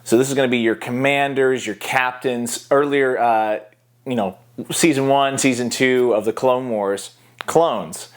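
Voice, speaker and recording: A man's voice: medium pitch, steady tone, a little slow. A man explaining voice acting in a casual how-to tutorial, easygoing and explanatory, now and then breaking into short character demos.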